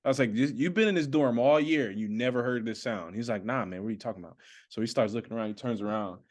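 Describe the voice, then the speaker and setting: A man telling a story on a podcast, animated and playful as he acts out what his friends said. He laughs and swears freely, and his voice sits at an everyday middle pitch. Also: fast. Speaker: comedian guest.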